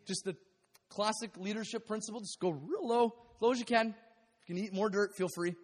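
A high-pitched male pastor preaches in a church sanctuary, his voice trailing off into a long hall reverb. He talks candidly and pokes fun at himself, stumbling over restarts and breaking into laughter. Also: a little fast. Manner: candid, self-deprecating, rambling with restarts and laughs. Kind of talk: sermon.

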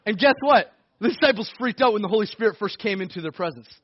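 Male pastor, conversational sermon, breaks into shouts; very high voice, close and dry. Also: fast talker, no room sound, highs cut off. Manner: energetic preaching with bursts of shouting; conversational, with laughs and self-corrections.

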